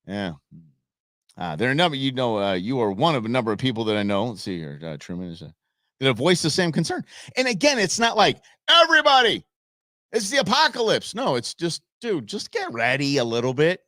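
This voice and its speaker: A man from Southern California hosting a live show in casual chat, rambling and animated with folksy asides to his viewers. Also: medium pitch, fairly quick, dry recording, clean studio sound.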